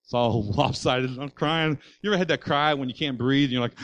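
A man's voice: mid-range voice, fairly bright tone, no echo, poor audio. A male pastor preaching a sermon. He speaks in an emphatic, repetitive preaching cadence with folksy asides to the congregation. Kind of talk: sermon with personal storytelling.

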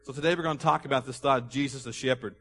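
A man pastor preaching a sermon to his congregation, asking questions for them to answer and reading scripture aloud slowly with emphasis. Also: mid-range voice, fairly even intonation, fairly bright tone, slight background noise. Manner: call-and-response questions to the congregation. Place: church sanctuary. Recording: long hall reverb.

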